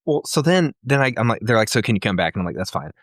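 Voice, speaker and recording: A man's voice: fairly low pitch, sing-song, fast talker, dry recording, studio quality. Exasperated man telling a rant story. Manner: exasperated storytelling, frequent swearing. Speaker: podcast co-host. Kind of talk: casual comedic podcast banter.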